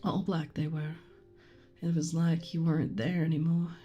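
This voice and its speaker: A woman's voice: low-pitched, little pitch movement, moderate pace, mellow, husky, highs cut off, faint music behind. A woman voicing a frightened rural man in a put-on accent while reading a game's text, on a condenser desk mic. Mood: shaken.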